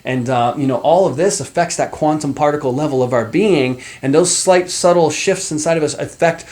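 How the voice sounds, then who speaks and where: Animated man, life coach. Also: on the high side, brisk. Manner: animated, conversational, many fillers and asides. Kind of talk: motivational talk to camera.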